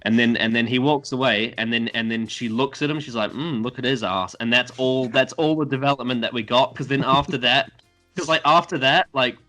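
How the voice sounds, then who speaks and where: A man in a casual podcast chat, rambling through a TV plot with lots of fillers and mocking quick impressions of the characters. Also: mid-range voice, steady tone, sharp tone, soft background music.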